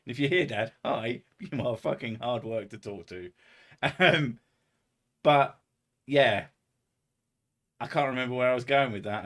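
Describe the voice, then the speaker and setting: A man chatting casually on a livestream, rambling and sardonic, with heavy swearing. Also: medium pitch. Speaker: streamer.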